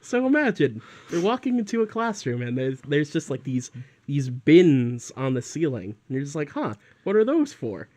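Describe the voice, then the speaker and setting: A young man co-hosting a podcast in casual chat, telling animated stories, laughing often and acting out quotes. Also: a little high, moderate pace. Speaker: podcast co-host.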